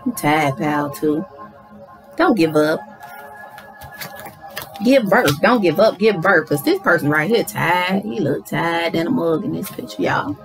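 Animated woman doing a spiritual card reading. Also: on the low side, a little slow, long pauses, music in the background, low-quality recording. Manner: animated, talks to viewers as y'all, affirming. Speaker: tarot card reader.

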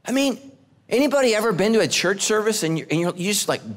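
A man's voice: sits high, expressive, fast talker. A male pastor giving a humorous sermon to a congregation, breaking his scripture reading with playful jokes and asides. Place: church service before a live congregation.

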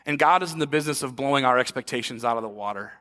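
Pastor, man, 30s: lively sermon storytelling, acts out the voices, bright ringing tone with long church reverb. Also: medium pitch, very fast. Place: church sanctuary. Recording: echoey church hall.

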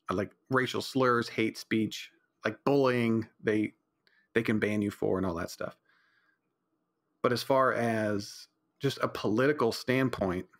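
A man's voice: mid-range voice, a bit bright. Blunt rambling man hosting a podcast. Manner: rambling, opinionated, blunt with profanity; frequent fillers and restarts. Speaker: podcast host. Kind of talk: casual solo podcast talk. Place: home.

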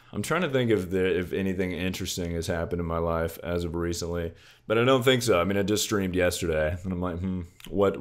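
Very deep-voiced young man streaming. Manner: laid-back, joking, swears often, calls chat "dude" and "brother". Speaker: livestreamer. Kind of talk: casual livestream chat.

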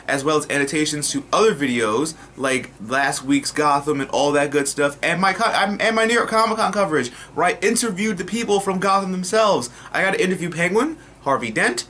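A young man reviewing a TV episode in a casual vlog, excitable and rambling with lots of fillers and restarts. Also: on the high side, brisk, hardly any pauses, slight background noise. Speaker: TV review vlogger.

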